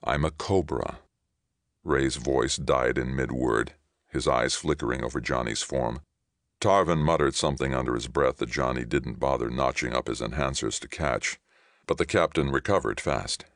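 A man giving steady, scripted audiobook narration. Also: extremely low pitch, moderate pace, dry recording, studio quality.

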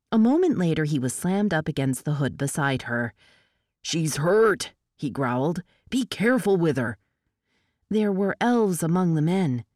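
A woman narrating an audiobook with a steady, expressive reading. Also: sits low, dry recording, clean studio sound.

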